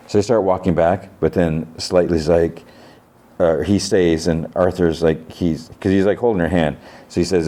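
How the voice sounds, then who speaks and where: A podcast host with a low voice walks through a TV episode in an easy, casual way. He rambles, fills gaps with "like" and often restarts his sentences. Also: fairly even intonation, moderate pace, dark tone.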